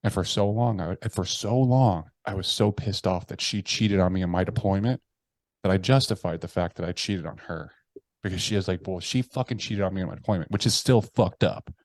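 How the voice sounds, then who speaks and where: A man telling candid personal stories in a conversation, swearing freely and acting out his inner voices, dropping quiet when he confesses. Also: low-pitched, normal speed, no room sound, studio quality. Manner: animated, profane, acts out his inner voices. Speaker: podcast guest.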